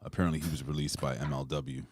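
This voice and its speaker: Very deep-voiced male host. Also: steady tone, fast, darkish tone, slightly rough, no room sound, clean studio sound. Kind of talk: casual chat.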